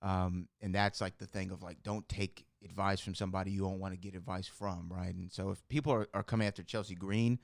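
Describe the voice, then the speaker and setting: A young man hosting a casual podcast chat, telling stories in a chatty, animated way and reading out viewer questions. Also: low voice, a little fast, creaky, hardly any pauses, no room sound, studio quality. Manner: chatty, animated storytelling with frequent laughs and fillers. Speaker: podcast host.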